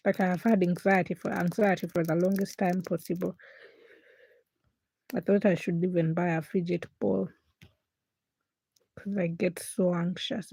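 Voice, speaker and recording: A woman's voice: medium pitch, warm tone, breathy edge, no room sound. A young woman vlogger chatting casually to camera late at night, rambling and correcting herself as she confides. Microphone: camera-facing setup.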